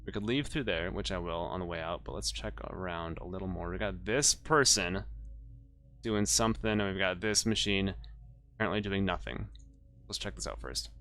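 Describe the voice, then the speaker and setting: A man hosting a let's play, giving relaxed, self-mocking gameplay commentary. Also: deep voice, normal speed.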